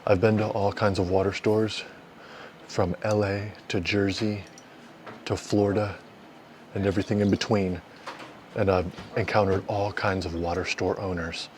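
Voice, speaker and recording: A man's voice: on the low side, little pitch movement, normal speed. Young guy, fitness vlogger type, hyping himself up jokingly while driving, faint background hum. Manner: playful, self-mocking hype. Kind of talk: casual vlog talk to camera. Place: in a car.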